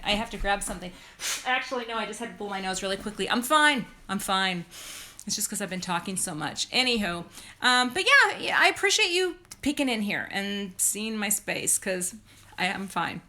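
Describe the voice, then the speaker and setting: Bright, chatty woman on a phone livestream. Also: medium pitch. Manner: chatty, self-correcting, laughs at herself. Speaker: crafter and content creator. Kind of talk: casual live-stream chat. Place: dining room at home, indoors. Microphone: phone held by hand.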